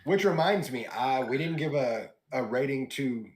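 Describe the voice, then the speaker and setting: A man hosting a wrestling podcast, recapping matches in relaxed, casual chat with quoted lines and asides. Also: medium pitch, normal speed. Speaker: podcast host.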